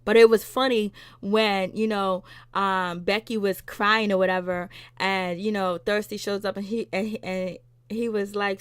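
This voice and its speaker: A woman giving a casual, animated recap of a TV episode, retelling scenes with laughs and attitude, with some in her speech. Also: medium pitch, a little slow, clean tone, no echo. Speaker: TV recap vlogger.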